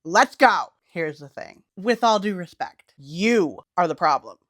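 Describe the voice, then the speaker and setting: A woman's voice: animated, measured pace, no echo, studio quality. Blunt, profane young woman vlogger. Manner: blunt, profane and high-energy. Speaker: manifestation coach on her channel. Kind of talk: casual vlog talk to camera.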